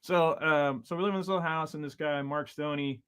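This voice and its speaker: A man's voice: a little high, steady tone, fairly quick, fairly bright tone, clean tone. A man in his thirties, a drummer guest telling long stories in casual chat, rambling with many fillers and laughs.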